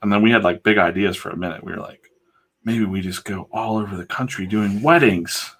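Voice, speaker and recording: Livestreaming himself drawing comics, this man tells a rambling, casual story packed with fillers and asides. His voice is lowish and fairly bright, and he talks fairly quickly in a chatty, digressive way.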